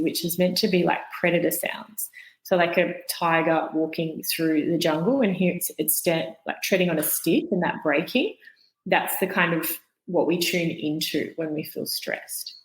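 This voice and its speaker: A woman with a fairly low voice explains things calmly and patiently, like a guest expert in an interview. Her voice carries a noticeable room echo. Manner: calm, explanatory, demonstrates voices.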